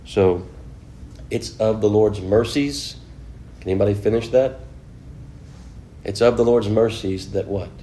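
A man's voice: on the low side, unhurried, long pauses, mellow, slight background noise. A man preaching an informal Bible lesson, chatting with his class, asking them questions and filling in with "you know". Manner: conversational, asks the class questions, many "you know" fillers.

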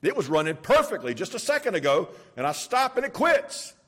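A man's voice: sits high, sing-song, brisk, fairly bright tone, husky. A man preaching a sermon in a conversational, storytelling way, stressing points by repeating them. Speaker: pastor.

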